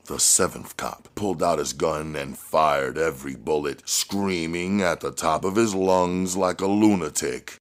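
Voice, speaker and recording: A man narrating an action novel aloud in a measured way that climbs on dramatic moments. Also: deep voice. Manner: measured, rising on action beats. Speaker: audiobook reader.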